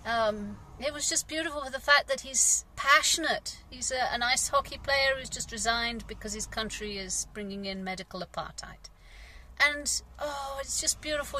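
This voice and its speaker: English woman gardener, middle-aged, for a candid rambling monologue; bright timbre. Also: fairly high pitch, slight background noise. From England. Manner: rambling, frank, sighing, swears. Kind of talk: casual personal vlog monologue.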